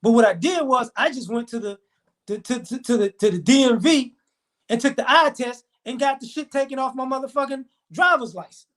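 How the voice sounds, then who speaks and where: A man's voice: extremely high pitch, fairly bright tone. A man ranting as he tells a story, swearing often and acting out the dialogue of the people in it. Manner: profane, heated, fast retelling with quoted dialogue. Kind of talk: storytelling rant to camera.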